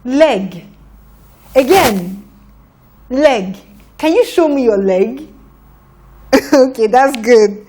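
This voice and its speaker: A woman's voice: on the high side, animated, takes it slowly, long pauses, dark tone, slight background noise. A woman teaching a phonics lesson to young children, sounding out letters patiently and praising often.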